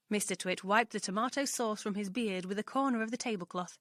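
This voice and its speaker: A woman's voice: medium pitch, a little fast, few pauses, no room sound. Woman narrating a storybook, dry studio. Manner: expressive, clear reading aloud.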